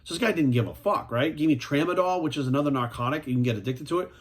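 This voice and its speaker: A man's voice: on the high side, fast talker. Forties male coach, blunt and profane, hammers his points home. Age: 40s. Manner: profane, emphatic, repeats "right?". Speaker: fitness coach. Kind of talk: blunt vlog rant.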